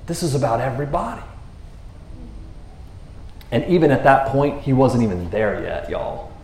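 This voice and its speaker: A man preaching in a relaxed, casual way, acting out the disciples' voices as he tells the story. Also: medium pitch, moderate pace, creaky, roomy sound. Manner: animated, acts out voices of the disciples. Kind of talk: casual sermon.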